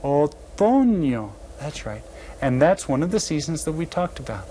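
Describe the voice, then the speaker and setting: A man teaching an elementary Spanish class, his voice sitting a little high. He speaks in a friendly, encouraging way and slows right down to say each Spanish phrase clearly for young learners. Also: lively intonation, darkish tone, a little hiss or hum. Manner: slow, carefully enunciated Spanish phrases for learners.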